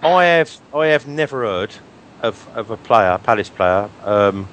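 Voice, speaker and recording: A man on a football fan podcast, speaking haltingly with many restarts and fillers. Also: fairly low pitch, expressive, a bit bright, a little hiss or hum. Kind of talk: casual football fan chat.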